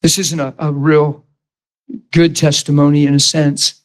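A pastor tells a personal story within his sermon, acting out the characters' lines with his voice rising and falling. Otherwise his delivery is flat and measured, pitched on the high side. The audio quality is poor.

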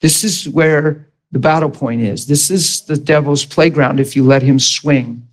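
In an unhurried, somewhat high voice, a man preaches an informal, earnest, emphatic sermon to a Bible school class. He often laughs, jokes with the class, puts questions to the room, and acts out quoted voices.

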